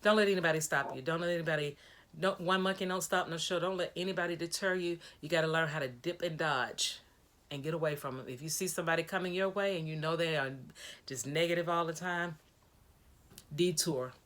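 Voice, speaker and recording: A woman's voice: sits low, brisk, fairly bright tone. A woman vlogger talking casually to her viewers in a video diary, giving an upbeat, preachy pep talk.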